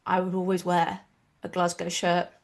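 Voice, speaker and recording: Woman, English, East Midlands, near-neutral accent, opinionated, animated, lowish pitch. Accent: neutral English with a mixed regional touch. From England, East Midlands. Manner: opinionated, animated, quick asides. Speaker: podcast co-host. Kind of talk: casual chat.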